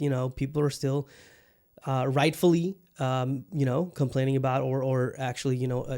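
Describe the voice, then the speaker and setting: A man's voice: mid-range voice, darkish tone, clean tone. A man hosting a podcast in casual chat, rambling and swearing freely, full of fillers and restarts. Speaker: podcast host.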